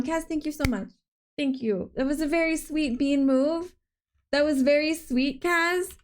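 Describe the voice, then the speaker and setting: A young adult woman streaming a video game live, chatting excitedly with her viewers and gasping often. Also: sits high, measured pace. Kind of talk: live gameplay stream chat.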